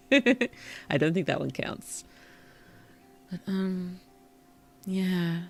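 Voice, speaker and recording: A streamer giving relaxed gameplay commentary in a gentle, whimsical, polite way, with puns and soft whispered asides. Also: medium pitch, extremely slow. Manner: drops into soft whispers at times. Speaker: VTuber streamer and author.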